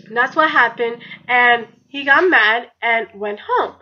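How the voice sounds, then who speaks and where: A woman's voice: on the high side, slow, hardly any pauses, sharp tone. A young woman telling a story on her vlog, chatty and blunt and swearing freely. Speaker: vlogger. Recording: dull lo-fi recording.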